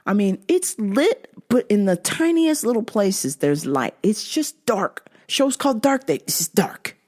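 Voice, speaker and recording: A woman's voice: mid-range voice, sing-song, a little slow, a little mellow. A young woman hosting her own show, ranting casually and comically, swearing freely and often breaking into laughter. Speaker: podcast host. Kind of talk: casual comedic rant.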